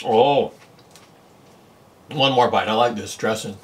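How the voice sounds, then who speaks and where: Male food vlogger, lower register, chatty and appreciative while tasting dishes. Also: slow pace. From California. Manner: chatty, savoring bites with lots of mm and oh. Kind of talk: casual food review vlog. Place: home in Japan.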